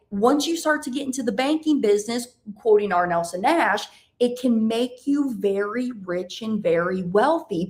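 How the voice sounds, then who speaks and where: Brief: American woman host, mid-pitched, animated and emphatic, educational podcast monologue. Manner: emphatic, animated, drawn-out stressed words, rhetorical questions.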